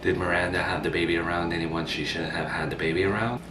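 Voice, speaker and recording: This is a fussy old mother who lectures her son at every turn, voiced by a man. The voice is deep and low. It sits far from the mic in an echoey space with clear background noise. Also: little pitch movement, fast, lightly acted. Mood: nagging. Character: nagging, meddling older mother.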